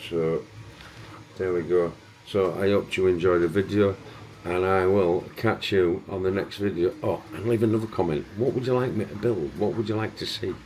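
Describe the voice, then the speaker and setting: A man with a broad Yorkshire accent talks to camera in a relaxed, chatty vlog style. His voice sits deep and low. Faint background noise hums under his speech. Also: moderate pace. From England. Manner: chatty and easygoing, with plain everyday phrasing. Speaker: host. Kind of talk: casual vlog talk. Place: room with 3D printers running.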